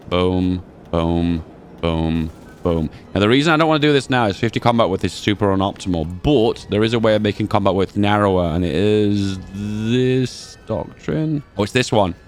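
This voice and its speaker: A man giving casual, chatty commentary while playing a strategy game, thinking aloud and reacting excitedly to how it goes. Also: lowish voice, slight background noise. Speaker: gaming channel host.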